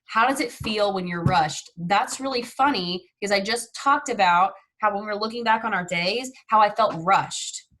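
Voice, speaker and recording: A woman's voice: mid-range voice, moderate pace, hardly any pauses, sharp tone. A woman teaching an online mindfulness class, upbeat and chatty, guiding breathing exercises with frequent yawning.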